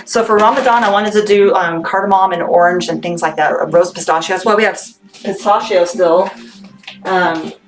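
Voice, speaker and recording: A woman's voice: mid-range voice, normal speed, soft background music. Bubbly woman hosting a live sales stream. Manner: chatty, bubbly, laughs often. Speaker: small business owner selling on a livestream. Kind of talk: casual live sales chat. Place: home workspace packing orders. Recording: background noise with clicks.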